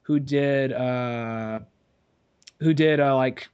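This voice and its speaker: A man's voice: mid-range voice, steady tone, very slow, a little mellow, smooth, muffled recording. A young man co-hosting a podcast, retelling a film plot in rambling casual chat, full of fillers and swearing. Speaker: podcast co-host.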